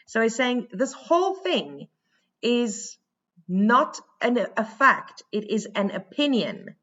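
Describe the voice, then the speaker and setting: A South African woman teaches a poetry lesson in an unhurried, deliberate way. She explains each point step by step with a chatty, informal manner. The home recording sounds slightly muffled. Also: on the high side, big pitch swings, a bit bright.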